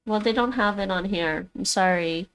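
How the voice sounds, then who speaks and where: A woman's voice: mid-range voice, moderate pace, smooth. A woman whose first language is Dutch, chatting casually on a livestream as she practices words aloud and thinks through them. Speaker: streamer learning languages.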